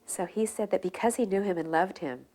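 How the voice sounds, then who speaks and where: A woman recounting devotional memories in a relaxed, storytelling way, soft-spoken, with fillers and restarts. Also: medium pitch, fairly quick. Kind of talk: reminiscing storytelling.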